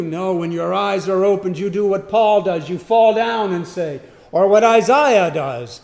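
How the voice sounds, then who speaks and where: A man preaching a sermon, emphatic, swinging from loud declarations to hushed asides. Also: high voice, measured pace, gravelly, hardly any pauses. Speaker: pastor.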